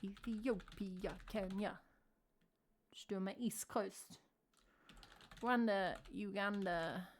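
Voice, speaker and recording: A woman's voice: medium pitch, slow pace, long pauses, slight background noise. A woman with an English accent, chatting casually on a live stream, thinking aloud and answering her chat. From England.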